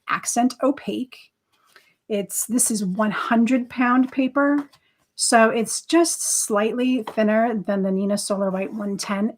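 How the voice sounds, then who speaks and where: A woman hosting a live craft stream, chatting casually and enthusiastically as she demonstrates, rambling with many fillers. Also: medium pitch. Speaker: craft livestream host.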